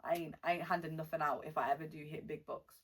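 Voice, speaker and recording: A woman's voice: low voice, flat delivery, breathy edge. Woman, young adult, mixed British accent, casual Q&A vlog, blunt, slangy. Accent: mixed British, Welsh-born with West Midlands and London touches. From born in Wales, lives in the West Midlands. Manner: chatty, blunt, slangy, reads questions aloud slowly. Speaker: rapper answering fan questions.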